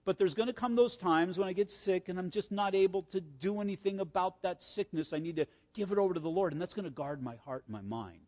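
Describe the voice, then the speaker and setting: A man's voice: high voice, animated, quick pace, few pauses, a little mellow. Older male pastor, echoey sanctuary. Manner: earnest, conversational preaching with personal stories. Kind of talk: sermon. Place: church sanctuary. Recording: echoey church hall reverb.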